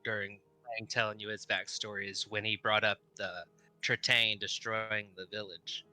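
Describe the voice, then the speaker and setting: A player at a tabletop game talks in a rambling, hesitant way. His voice is very bright and forward, with faint music playing behind. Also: lowish voice, flat delivery, moderate pace, rough recording. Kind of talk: casual chat at an online tabletop game.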